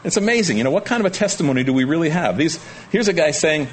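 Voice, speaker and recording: A man preaching a conversational sermon, teaching verse by verse and jumping up in pitch to voice quotes. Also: fast talker, slight background noise. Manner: animated, conversational, jumps to high pitch for quotes. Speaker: pastor. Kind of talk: sermon, expository Bible teaching.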